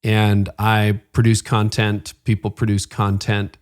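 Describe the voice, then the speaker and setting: A man's voice: fairly low pitch, monotone, a little slow, smooth. A man hosting an interview podcast, earnest and affirming as he asks questions. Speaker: podcast host.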